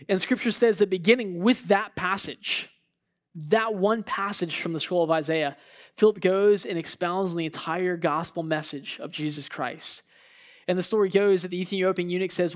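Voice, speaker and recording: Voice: mid-range voice, moderate pace. A preacher giving a sermon in a church, retelling a Bible story in a conversational way with asides. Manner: storytelling, acts out biblical figures' thoughts.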